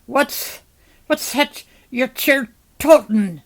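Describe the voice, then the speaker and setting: A woman's voice: mid-range voice, sing-song, slow pace. A woman voicing a gleeful, simple young backwoods woman who speaks in a folksy dialect with drawled words.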